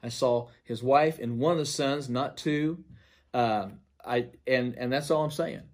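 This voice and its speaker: A man, a pastor, earnestly recounting a dream to viewers. He swings from emphatic to near-hushed. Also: mid-range voice, measured pace.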